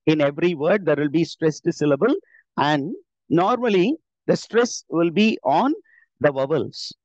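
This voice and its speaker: Leading a live online lecture through his computer mic, an Indian man speaks Indian English in an expressive, unhurried voice that's on the high side and a little mellow. He walks through each step, often saying "uh" and correcting himself, and the call audio is dull and dry with no echo.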